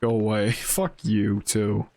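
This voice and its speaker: A man's voice: on the low side, little pitch movement, slow, a little mellow. A man streaming a narrative game, chatting casually and swearing freely as he reacts. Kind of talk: let's play commentary.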